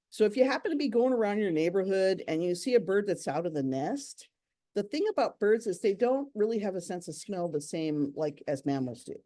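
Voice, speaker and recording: A woman's voice: on the low side, dark tone. A young woman on park education staff, giving a bubbly, chatty virtual nature presentation over a computer microphone. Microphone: computer mic on a video call.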